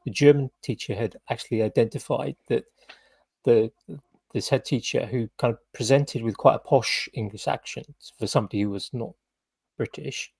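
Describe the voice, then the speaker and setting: A British man hosts a laid-back podcast, winding through his stories with endless "kind of" and "you know". His voice is slightly husky and recorded dry and close. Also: mid-range voice, moderate pace, darkish tone, dry recording. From United Kingdom. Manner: rambling, full of "kind of" and "you know" hedges. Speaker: podcast host. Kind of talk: casual podcast chat.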